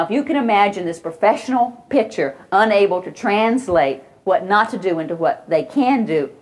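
A woman teaching about positive discipline in a lecture. She tells stories from daily life and briefly mimics children's cries and voices to make her points. Her voice sits at a middle pitch for a woman. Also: darkish tone. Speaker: parenting educator. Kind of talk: lecture with anecdotes.

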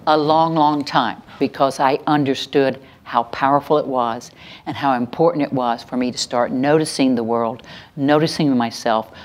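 Female workshop trainer; emphatic, low-pitched, keeps checking in with the audience. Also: normal speed. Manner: emphatic, repeats key phrases, checks in with the audience. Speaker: educator giving a workshop. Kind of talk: teaching lecture to a live audience.

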